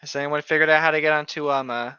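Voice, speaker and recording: A young man with a bright, fairly high voice, trading sarcastic, profane jokes as a podcast co-host. His dull, lo-fi mic takes the top off the sound. The room sounds dry and close. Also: fairly even intonation, clean tone, dry recording. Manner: sarcastic, quick swearing jokes. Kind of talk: casual chat.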